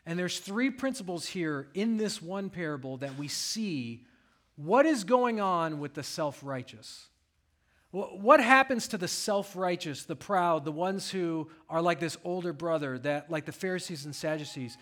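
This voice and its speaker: A man's voice: fairly high pitch, animated, measured pace, fairly bright tone. A pastor preaching a sermon, reading scripture aloud and asking his congregation rhetorical questions.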